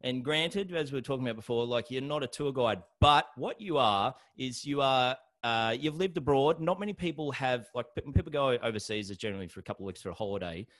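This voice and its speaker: A man's voice: mid-range voice, animated, fairly bright tone. An Australian man hosting a podcast, chatting casually and upbeat with a guest. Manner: chatty and upbeat, with quick asides. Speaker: podcast host. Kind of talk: casual interview chat.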